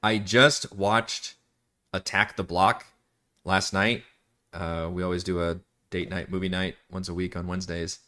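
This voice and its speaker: A man's voice: low-pitched, little pitch movement, measured pace, pushed and bright. A man acting as dungeon master, chatting casually and rambling during live-streamed game prep, often laughing and swearing.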